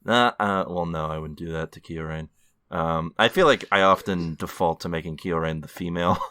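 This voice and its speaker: A man with a very deep voice hosting a comedy podcast. His delivery is dry and deadpan as he plays along with silly bits, level and unhurried. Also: smooth, dry recording. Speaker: podcast host.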